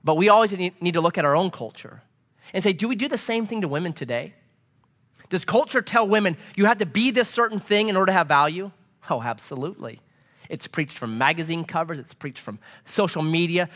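A man's voice: sits high, fairly quick, big-room sound. A middle-aged man, a pastor, preaching a sermon and telling a story, acting out the voices of the people in it. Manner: animated, acts out quoted voices.

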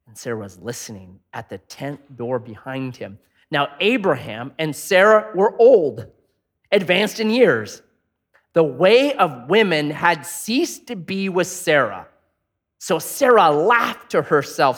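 A male pastor preaching a sermon in an animated, joking, conversational way. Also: fairly high pitch, unhurried.

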